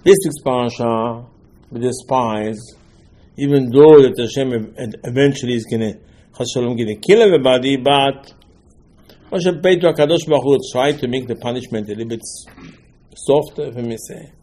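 Husky-voiced man teaching Talmud. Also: medium pitch, moderate pace. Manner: animated, rhetorical questions, voices the listener's protests. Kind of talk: Torah class lecture.

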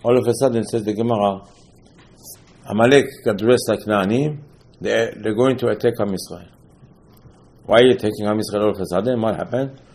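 A man giving a Torah class as a rabbi. He talks in an animated way, acts out the quotes and uses loose, non-standard English. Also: fairly low pitch, brisk, long pauses, poor audio. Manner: animated, acts out quotes, mixes in Hebrew terms.

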